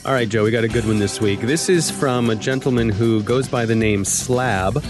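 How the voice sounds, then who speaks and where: A man's voice: medium pitch, normal speed, over music. A man hosting a podcast in a casual, upbeat way, reading listener letters aloud. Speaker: podcast host.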